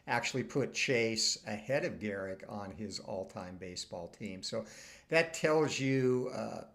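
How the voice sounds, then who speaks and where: Halting, gravelly male host. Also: fairly low pitch. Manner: halting, filler-heavy, enthusiastic. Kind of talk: casual commentary.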